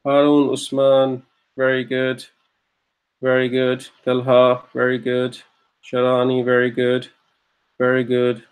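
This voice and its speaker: A man's voice: mid-range voice, completely flat delivery, takes it slowly, long pauses. A man teaching an online grammar class, patiently repeating each point and checking that students follow. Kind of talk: online Arabic grammar lesson.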